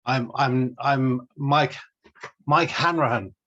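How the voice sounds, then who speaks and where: A man's voice: mid-range voice, slow pace, pushed and bright. A middle-aged Irish man, a musician guest, telling stories about his career with enthusiasm. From Ireland. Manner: enthusiastic, storytelling. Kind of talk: casual interview chat. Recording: dull lo-fi audio.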